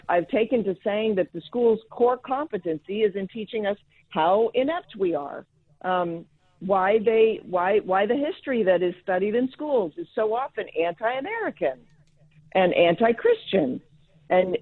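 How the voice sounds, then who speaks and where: A woman's voice: mid-range voice, no room sound. Middle-aged woman calling in, emphatic and a bit sarcastic, tinny phone line, dry. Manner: emphatic, argumentative, sarcastic asides. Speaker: guest. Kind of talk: phone-in radio interview.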